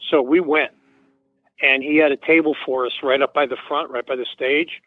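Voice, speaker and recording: A man's voice: mid-range voice, fairly even intonation, normal speed, no room sound. A man in his seventies calling in as a radio guest, telling a loose, rambling story full of fillers and restarts. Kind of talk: rambling anecdote on a radio call-in. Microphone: phone call. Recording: tinny phone line on radio.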